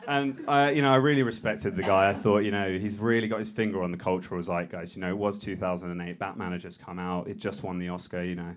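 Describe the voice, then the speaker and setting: A man's voice: deep voice, fairly even intonation, fast talker, few pauses, background noise. A man doing a stand-up set on a comedy club stage, self-deprecating and a bit hesitant.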